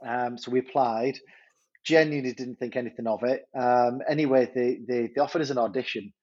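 A head teacher, telling a story in a podcast interview, animated and stumbling over repeated words. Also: male voice, medium pitch, brisk, muffled recording.

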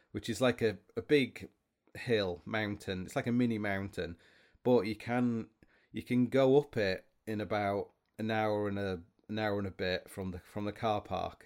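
A man's voice: fairly low pitch, a little mellow. A man hosting a podcast, telling rambling, self-mocking stories in a casual monologue. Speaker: podcast host.

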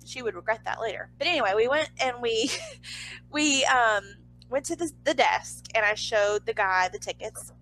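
A chatty woman tells a personal anecdote in a slightly high voice, filling her talk with "like" and a casual curse here and there. A faint hum sits under her voice. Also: normal speed, fairly bright tone, low-quality recording. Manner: chatty, lots of "like", swears casually; acts out others' lines in a higher voice.

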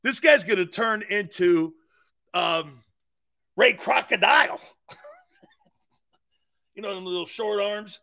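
A man's voice: sits high, slow pace, vocal fry, pauses often, bright, forceful tone. A man hosting a sports radio show, talking in a rambling, jokey monologue, laughing often and slipping into silly voices. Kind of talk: animated sports talk monologue.

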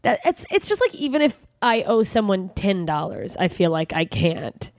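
A young woman co-hosting a podcast, animated and laughing in profane casual chat. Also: medium pitch, normal speed, no room sound, clean studio sound. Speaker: podcast co-host.

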